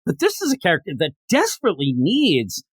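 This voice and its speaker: A man's voice: sits high, wildly swooping pitch, a little fast, slightly rough, no room sound, clean studio sound. A man co-hosting a comics podcast in casual review chat, joking and swearing casually. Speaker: podcast co-host.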